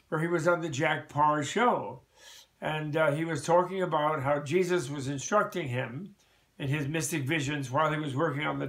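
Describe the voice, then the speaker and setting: An older American man talks through his teaching in a loose, rambling way, often restarting a thought and breaking into a chuckle. His voice is fairly high for a man, with a gravelly edge. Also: fairly bright tone. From United States. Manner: rambling, chuckling, with frequent restarts and "you know". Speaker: podcast host and Buddhist teacher. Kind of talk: casual spoken teaching.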